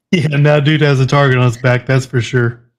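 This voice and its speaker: A man's voice: mid-range voice, lively intonation, unhurried. A man in a casual chat, chatty and joking.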